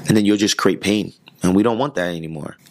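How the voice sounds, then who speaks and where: A man's voice: deep voice, fast talker, a little mellow, a little hiss or hum. A man giving an earnest motivational monologue, repeating key lines for emphasis and stumbling now and then. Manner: occasional stumbles and restarts.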